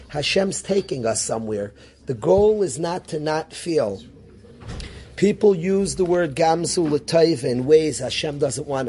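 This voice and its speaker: Rebbe guy teaching torah, warm mellow voice, kinda high, asks lots of questions. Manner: animated, rhetorical questions, Yiddish-Hebrew terms. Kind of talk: Torah class.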